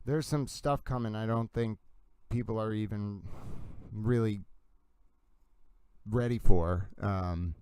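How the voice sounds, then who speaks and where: Male host, casual rambling commentator; mellow, resonant tone. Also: lowish voice, slow pace, long pauses, clear, resonant tone, no room sound. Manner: rambling, self-interrupting. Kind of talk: casual commentary on court videos.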